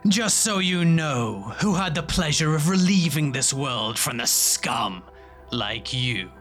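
A man voicing a smug, wiry male dark sorcerer in an audiobook, with a smooth, sneering delivery. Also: fairly high pitch, animated, slow, soft background music, pitched above the performer's own voice.

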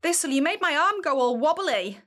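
An actress playing a feisty, flustered young heroine with a false arm in a fantasy audio drama. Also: female voice, high-pitched, moderate pace. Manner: flustered, excitable.

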